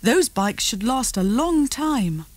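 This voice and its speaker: Woman voicing a kindly mother, gentle, reassuring, slow, close dry sound. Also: a little high, big pitch swings, no echo, full character voice. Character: kind, practical mother of twins.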